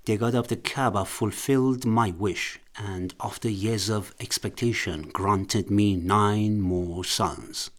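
A stern old tribal chief. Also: male voice, fairly low pitch, slow, hardly any pauses. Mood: reverent. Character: older male tribal leader, stern and resolute. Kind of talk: radio drama acting.

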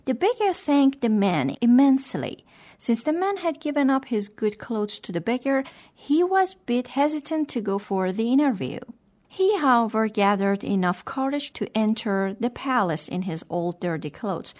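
A woman hosting and reading a moral story aloud in a gentle, measured way. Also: a little high, big pitch swings. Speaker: storyteller and host. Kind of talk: scripted story narration.

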